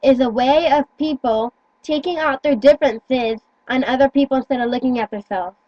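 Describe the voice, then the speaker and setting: Teen girl rambling into her phone, kinda high voice, dull dry sound. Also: normal speed, no room sound. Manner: rambling, many "like"s, stumbles over words. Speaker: teen vlogger. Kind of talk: earnest casual chat.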